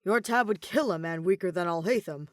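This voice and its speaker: A woman reading a male tavern keeper who speaks loudly and matter-of-factly. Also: fairly low pitch, a little fast, no room sound, studio quality, lightly acted. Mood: blunt. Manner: loud, matter-of-fact. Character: blunt male tavern keeper, plain-spoken.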